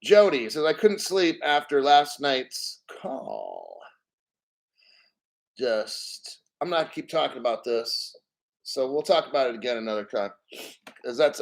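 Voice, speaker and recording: A man's voice: fairly high pitch, fairly bright tone. A man hosting a casual crypto livestream, rambling and swearing as he reads out viewer names and chat.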